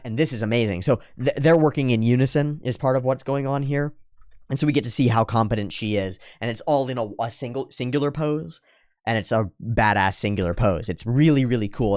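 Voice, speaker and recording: A man hosting an anime reaction show, giving casual, excitable, profane commentary on an episode. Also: medium pitch, no echo, studio quality. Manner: excitable and profane, jumps between breakdown and hype.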